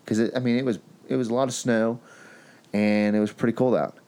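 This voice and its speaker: A man's voice: mid-range voice, brisk, clear, resonant tone. A young man on a podcast, telling a story in casual chat and acting out what other people said. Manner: animated storyteller, acts out other people's lines. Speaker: podcast host.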